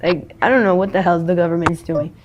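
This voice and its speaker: A woman's voice: on the low side, steady tone, fairly quick, highs cut off, noisy background. A woman speaking in a casual street interview, rambling and blunt, swearing freely.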